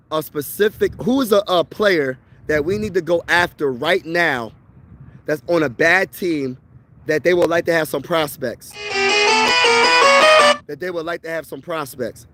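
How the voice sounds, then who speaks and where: A man, giving a casual, worked-up sports rant as a fan vlogger, slangy and repetitive. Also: on the high side. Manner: worked-up, repetitive, slangy, says "bro" a lot.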